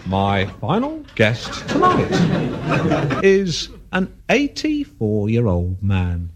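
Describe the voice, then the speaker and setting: Man, talk show host, playful build-up, very lively pitch, clicks in background. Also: slow pace, heavy background noise. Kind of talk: introducing a guest.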